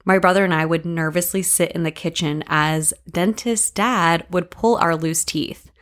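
A woman reads her own scripted memoir stories as a podcast host, with dry, deadpan humor. Her voice sits somewhat low for a woman. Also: moderate pace.

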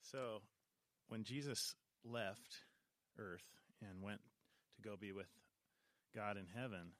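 Man, children's minister, friendly quizzing tone, slow speech, lowish voice. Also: fairly bright tone, no echo. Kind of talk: casual teaching to kids.

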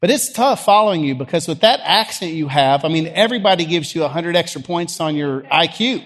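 In a church sanctuary, a Southern US pastor worn out by allergies leads prayer and preaches in a folksy, teasing, conversational way. His voice is fairly high, expressive, brisk, and a bit bright.

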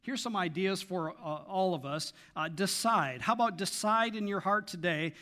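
Bright-voiced male pastor preaching. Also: sits high, moderate pace. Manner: emphatic preaching, drops to soft asides. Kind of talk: sermon.

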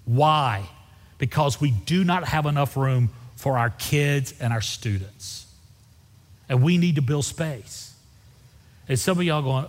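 A middle-aged pastor preaching a sermon, moving from folksy storytelling to fervent exhortation. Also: male voice, medium pitch, animated, slow pace. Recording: reverberant church hall.

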